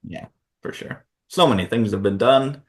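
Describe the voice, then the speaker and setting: A man's voice: fairly low pitch, moderate pace. A man co-hosting a board game channel, chatting casually about award nominees and thinking aloud with fillers.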